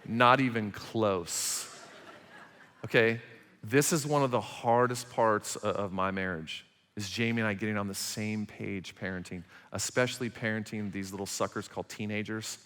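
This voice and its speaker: A man in his forties preaching a sermon as pastor, emphatic and animated, acting out quarrels between parents. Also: medium pitch. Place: church auditorium. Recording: large hall reverb.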